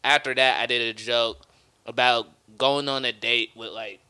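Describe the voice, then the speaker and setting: Animated young man telling a comedy story. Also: mid-range voice, moderate pace, smooth. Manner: animated, acts out voices of others, laughs often. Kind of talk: casual storytelling chat.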